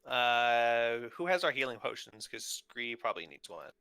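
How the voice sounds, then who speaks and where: Smooth, bright-voiced man playing a tabletop game. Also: medium pitch, sing-song, unhurried, dry recording. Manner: plans tactics and points out rules. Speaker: player. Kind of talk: casual chat during a tabletop game.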